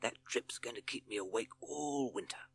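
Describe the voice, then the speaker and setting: A man's voice: mid-range voice, normal speed, creaky, a bit bright, husky. A man voicing a sly, hissing male snake villain in a children's storybook reading, with a whispery manner. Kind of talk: storybook character voice.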